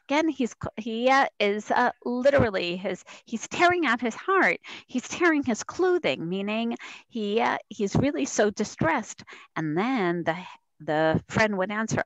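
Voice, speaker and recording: Woman, Torah class teacher, dry close sound, animated storyteller. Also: medium pitch, normal speed, no echo, lo-fi sound. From Israel. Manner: animated storytelling, acting out quoted dialogue.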